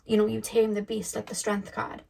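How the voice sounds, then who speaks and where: A woman's voice: mid-range voice, completely flat delivery, a little fast, gravelly, darkish tone. A woman tarot reader telling a spiritual story to camera in a rambling, emphatic way. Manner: rambling, emphatic, lots of fillers and restarts.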